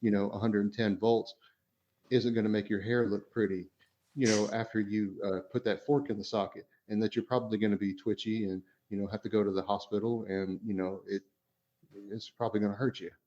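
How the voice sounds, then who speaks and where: Low-voiced rambling dad on a podcast. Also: male voice, little pitch movement, fairly quick, mellow, lo-fi sound. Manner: rambling, many "you know" fillers and restarts. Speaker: podcast co-host and father. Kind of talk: casual podcast chat.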